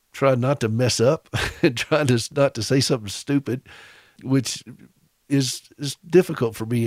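A man's voice: medium pitch, no echo. Chatty self-deprecating man, radio host. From United States. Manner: chatty and self-deprecating, stumbles and restarts, chuckles while telling stories. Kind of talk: radio talk, personal storytelling. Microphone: studio broadcast microphone.

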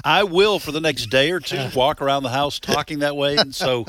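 A man's voice: medium pitch, normal speed, few pauses, fairly bright tone. A male radio host, chatting in a rambling way with many restarts and chuckles. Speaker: radio talk show host. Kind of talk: casual studio talk. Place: radio studio.

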